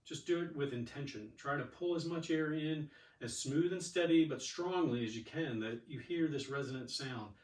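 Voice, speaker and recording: A man's voice: fairly high pitch, moderate pace. A man leading a yoga and exercise class, chatty and encouraging as he talks through each cue. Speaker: yoga and fitness instructor. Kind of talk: guided exercise instruction. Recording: echoey room, mic at a distance.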